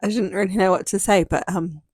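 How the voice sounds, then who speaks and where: A woman's voice: medium pitch, a little fast, a little mellow, husky, no echo, clean studio sound. A young woman vlogger giving a rambling, casual travel recap, laughing often between thoughts.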